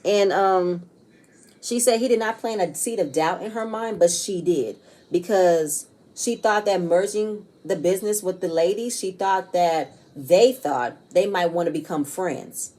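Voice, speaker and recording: A woman's voice: on the low side, measured pace, dark tone. A woman casually recapping a reality TV episode, chatty and blunt, often tossing in "you know what I'm saying" and swearing freely.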